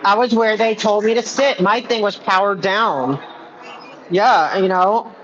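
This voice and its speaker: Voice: medium pitch, measured pace. Rambling live-streamer, muffled, crowd behind. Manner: rambling, many fillers and restarts. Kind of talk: casual live-stream chat.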